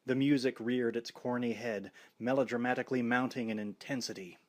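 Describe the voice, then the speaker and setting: A man narrating a horror novel audiobook in a wry, expressive way. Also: medium pitch, brisk.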